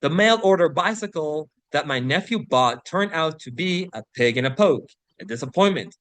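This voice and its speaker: A man teaching an English vocabulary lesson, who explains words, reads example sentences aloud slowly and keeps checking in with "right?". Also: a little high, expressive, fairly bright tone, no room sound. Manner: slows to read example sentences and passages aloud.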